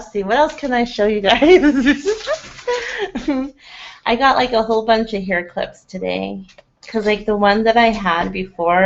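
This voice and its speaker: A woman hosting a casual livestream hangout, rambling and chatting with her viewers, laughing often and using lots of "like" fillers. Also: mid-range voice. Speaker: livestream host. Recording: slightly dull lo-fi webcam audio.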